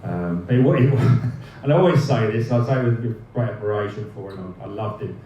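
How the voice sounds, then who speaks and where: A low-voiced man in his fifties tells old dressing-room stories at a live evening event, laughing through them and swearing freely. He trips over his own sentences as he goes. The sound is very roomy and echoing, with the mic some way off and a faint hum of ambience behind him. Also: fairly quick, dark tone, far from the mic, dull audio. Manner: laughing often, swearing, rambling restarts. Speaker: former footballer guest. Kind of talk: live storytelling anecdotes.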